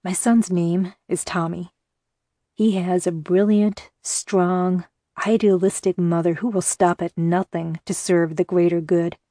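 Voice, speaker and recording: A woman reading the lines of a grim, pragmatic male captor who talks in a steady, matter-of-fact way. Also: lowish voice, unhurried, no room sound, clean studio sound, lightly acted.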